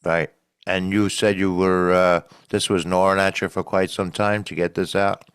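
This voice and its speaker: A male podcast host with a very deep voice. He asks casual follow-up questions and keeps the guest talking with short, encouraging replies. The recording is dry and close. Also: level tone, normal speed, clear, resonant tone, no room sound. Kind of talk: casual interview.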